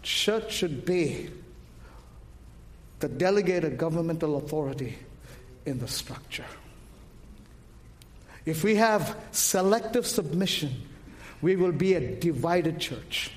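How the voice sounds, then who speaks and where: Impassioned high-voiced male preacher. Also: animated, takes it slowly, pauses often. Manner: impassioned, calls out to the congregation. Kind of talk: sermon.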